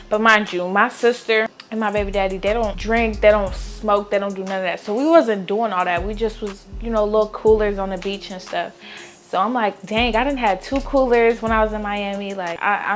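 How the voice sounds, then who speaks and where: A young woman tells a casual storytime vlog. She is chatty and animated, leaning on "like" and acting out what everyone said. Faint music plays softly behind her. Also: medium pitch. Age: young adult. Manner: chatty, animated, many "like" fillers, acts out quotes. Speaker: vlogger.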